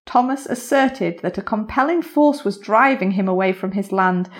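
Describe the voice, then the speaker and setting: A woman hosting a podcast, narrating a scripted story and chatting with a guest, laughing at her own slips. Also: mid-range voice. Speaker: podcast host.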